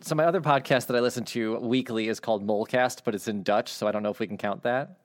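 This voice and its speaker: A man's voice: mid-range voice, fast. A man chatting casually in a group, laughing easily and poking fun at himself. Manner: laughs easily, self-deprecating. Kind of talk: casual chat.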